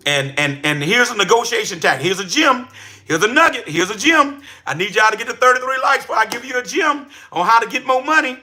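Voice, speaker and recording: A man coaches his live-stream audience in a high, very bright voice. He talks energetically and preaches, now and then breaking into excited shouts. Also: a little fast. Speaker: livestream host and business coach. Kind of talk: live-stream coaching talk to chat viewers.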